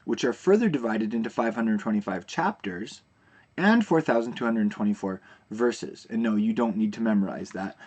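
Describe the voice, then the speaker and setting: A man teaching a recorded video lesson, explaining terms in a relaxed way with frequent fillers and restarts. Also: mid-range voice, slightly rough.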